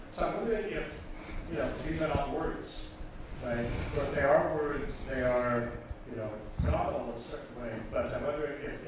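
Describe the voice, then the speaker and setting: A man's voice: mid-range voice, noisy background. A man in the audience making a discursive comment, filled with "you know" and "right?". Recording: far from the mic in an echoey hall.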